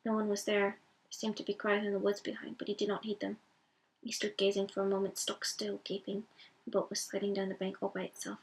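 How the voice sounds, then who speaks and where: A woman reading a bedtime story aloud in a calm, unhurried way. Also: medium pitch, slightly rough. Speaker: reader. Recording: voice from a distance.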